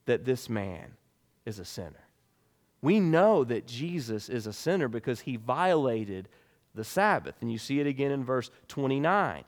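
A man preaching a sermon as pastor, with emphatic delivery that rises and drops sharply in pitch and volume. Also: expressive, normal speed, in a large hall.

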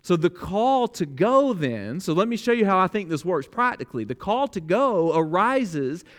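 Pastor, male, fairly high voice, earnest and emphatic sermon delivery, restarts with repeated words. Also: sing-song, normal speed.

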